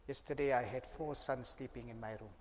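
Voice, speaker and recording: A man's voice: medium pitch, steady tone, brisk, voice pushed down, close to an everyday voice. A man voicing a frail, whispering old mother. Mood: grieving. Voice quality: soft, near-whispered. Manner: meek, apologetic. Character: elderly widowed mother in pain, gentle. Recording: long reverb, faint background noise.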